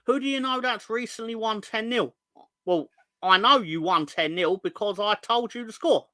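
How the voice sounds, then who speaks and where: Bright, chatty man. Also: high voice, normal speed, no room sound. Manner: rambling, jokey, sweary banter with chat. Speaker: fan channel host. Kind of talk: casual live-stream chat.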